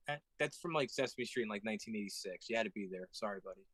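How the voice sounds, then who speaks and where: A man's voice: fairly low pitch, racing, hardly any pauses, fairly bright tone, no room sound. A man in casual podcast banter, joking and cutting in with goofy asides. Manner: jokey, interrupting, goofy bits. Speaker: podcast co-host.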